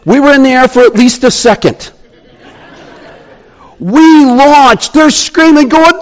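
A man telling a personal story in a sermon, animated, rising to excitement and dropping to hushed tones. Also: very high voice, measured pace.

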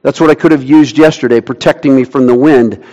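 A man preaching an earnest sermon, slowing down to read scripture aloud. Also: medium pitch, fairly even intonation, mellow, highs cut off. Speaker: pastor. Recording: long reverb of a church hall.

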